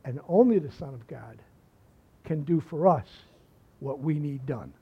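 A man with a high voice delivers a sermon as a pastor, pressing hard on key phrases and then dropping almost to a murmur. The recording sounds dull and lo-fi, with the top end muffled. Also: expressive, unhurried, breathy edge. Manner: emphatic preaching, dropping to hushed lines.

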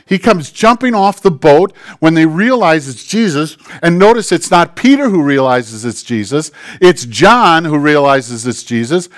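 Male pastor, sermon, fairly high voice, hushed then emphatic, drawn-out phrases. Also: lively intonation.

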